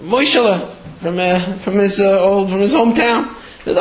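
Halting man giving a Torah talk. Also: sits high. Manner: halting, with many fillers and restarts. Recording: echoey room, dull lo-fi.

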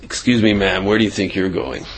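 A man doing a gruff threatening mugger. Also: on the low side, steady tone, a little fast, pitched below the performer's own voice. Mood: menacing. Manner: curt, menacing, blunt commands.

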